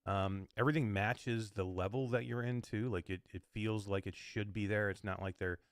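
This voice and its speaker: A low-voiced man co-hosting a casual game review podcast. He rambles and fills his sentences with "like" and "you know". The recording is dry and close. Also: fairly even intonation, normal speed, clean tone, dry recording. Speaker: podcast co-host.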